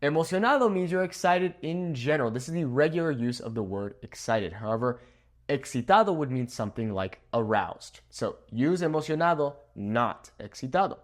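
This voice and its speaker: A man's voice: mid-range voice, expressive, moderate pace. A young man teaching a Spanish vocabulary lesson at a whiteboard, upbeat and playful, with a laugh at his own jokes. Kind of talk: video language lesson. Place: room with a whiteboard.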